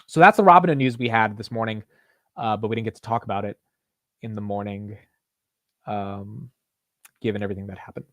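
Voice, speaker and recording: A man's voice: on the low side, fairly quick, pauses often, dry recording, clean studio sound. A young man with an American accent hosting a casual market livestream, chatty and slangy. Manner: casual, slangy, says dude and bro. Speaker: market show host.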